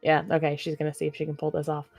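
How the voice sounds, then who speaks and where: A woman host playing a tabletop game, chatty and quick to laugh. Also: low voice, monotone, darkish tone, no echo, soft background music. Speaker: player and channel host. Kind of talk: casual tabletop game play.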